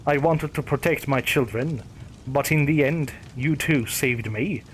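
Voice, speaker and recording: A man voicing a loving mother speaking from the afterlife, soft and tender, over faint background noise. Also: mid-range voice, unhurried, lightly acted.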